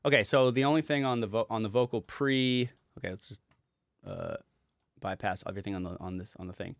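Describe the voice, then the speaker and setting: A man's voice: lowish voice, very animated, a little fast, creaky, no echo. A man who is a music producer, walking through a project in a casual livestream, talking loosely and rambling with casual swearing.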